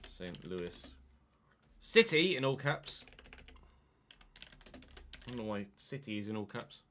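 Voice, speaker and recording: A man's voice: on the low side, very animated, takes it slowly, fairly bright tone, a little hiss or hum. A man chatting casually on a live stream, muttering asides to himself and to chat.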